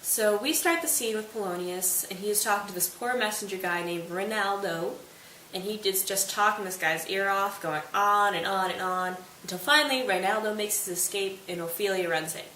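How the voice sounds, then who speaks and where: A woman's voice: medium pitch, moderate pace, sharp tone. A young woman casually summarizing a play for students in a chatty, playful, informal way. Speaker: host of a literature study channel. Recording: echoey room, distant mic, faint hiss.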